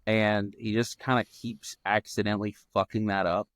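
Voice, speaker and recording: A man talking as a guest on a casual movie podcast, animated and chatty. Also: fairly low pitch, moderate pace, dry recording, clean studio sound. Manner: animated, acts out quoted voices.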